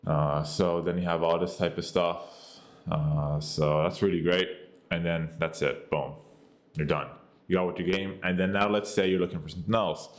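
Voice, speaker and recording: A man's voice: fairly even intonation, moderate pace. A man with an American accent giving a casual, rambling review of an app, full of fillers and repeated catchphrases. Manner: rambling, filler-heavy, says "boom" and "you get the idea". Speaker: tech reviewer.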